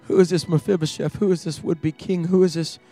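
Male preacher with a high voice and dramatic storytelling, soft music underneath. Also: fairly even intonation, fairly quick. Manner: dramatic storytelling, builds to loud peaks. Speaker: campus ministry preacher. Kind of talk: sermon. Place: church.

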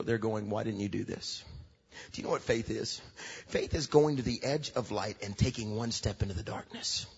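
A pastor preaching a sermon, moving from quiet storytelling to emphatic shouts. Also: male voice, a little high, husky. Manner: emphatic preaching that swings from soft asides to shouts. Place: large church hall. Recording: dull lo-fi recording with long hall reverb.

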